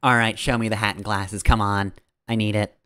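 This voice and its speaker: A man's voice: on the low side, level tone, brisk, fairly bright tone, clear, resonant tone. A man streaming a game, giving rambling, casual commentary, often correcting himself and chuckling.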